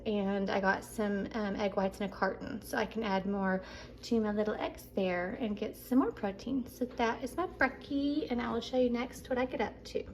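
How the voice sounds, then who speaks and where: A woman's voice: mid-range voice, a little mellow, a little hiss or hum, rough recording. A woman chatting casually in her kitchen, rambling along with lots of fillers. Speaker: food vlogger. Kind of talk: casual chat.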